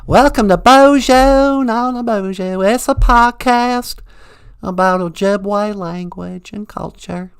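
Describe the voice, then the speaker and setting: A man's voice: sits high, smooth. A man voicing a chirpy Southern woman who speaks Ojibwe, with a thick Southern drawl and a folksy, awkward manner. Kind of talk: comic character bit on a livestream.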